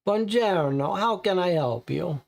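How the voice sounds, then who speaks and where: A man voicing a short, stocky garage owner with a strong Italian accent, evasive and gruff. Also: high-pitched, lively intonation, a little slow, heavily acted. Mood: friendly.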